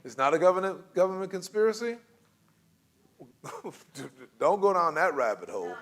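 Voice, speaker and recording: A man leading a church group discussion, animated and often laughing, acting out sample replies. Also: high-pitched, normal speed, pauses often, a little hiss or hum. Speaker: church class leader.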